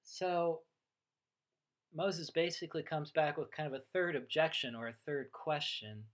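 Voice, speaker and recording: Slow, thoughtful male preacher. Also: on the high side. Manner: unhurried, reflective teaching with frequent restarts and quoted dialogue. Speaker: pastor. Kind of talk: sermon.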